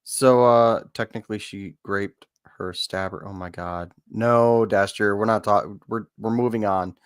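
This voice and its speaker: A man in casual chat, reading out news headlines and talking in a hesitant, halting way with many fillers. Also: fairly low pitch, fairly even intonation, smooth, no room sound, clean studio sound.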